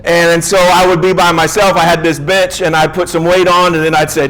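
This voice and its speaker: A man's voice: high-pitched, a little fast, hardly any pauses, slight background noise, rough recording. A male pastor telling a humorous personal story in a sermon, acting out the voices of the people in it. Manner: animated, acts out quotes.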